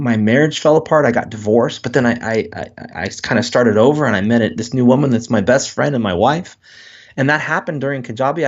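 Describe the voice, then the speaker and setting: Gravelly earnest man, candid. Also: medium pitch, dull audio. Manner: earnest, open, candid with frequent restarts. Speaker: guest author. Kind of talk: reflective interview talk.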